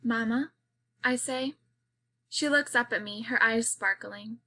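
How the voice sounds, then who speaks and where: A woman reading an audiobook aloud as a girl's first-person narration, with steady storytelling. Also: fairly high pitch, a little slow.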